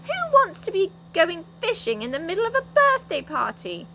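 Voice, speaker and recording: A woman's voice: very high-pitched, wildly swooping pitch, moderate pace, bright, forceful tone, a little hiss or hum, voice pushed up, exaggerated voice, rough recording. A woman reading a storybook voices Jo, an impatient boy who complains.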